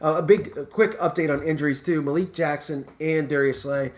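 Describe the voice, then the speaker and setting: A man's voice: a little high, fairly even intonation, brisk. A man hosting a live sports talk stream, rambling and stammering through restarts in casual chat. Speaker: live show host.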